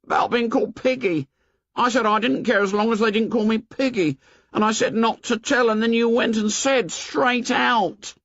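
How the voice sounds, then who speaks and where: A man putting on a high, whiny schoolboy. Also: moderate pace, vocal fry, a bit bright, no room sound, lo-fi sound, heavily acted. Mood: hurt, pleading. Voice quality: high and pleading. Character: whiny anxious plump schoolboy.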